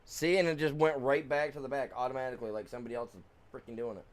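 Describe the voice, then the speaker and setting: A man's voice: medium pitch, fairly even intonation, racing. A man streaming a farming game, chatting casually to viewers and grumbling and swearing at the game. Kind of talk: casual live-stream commentary.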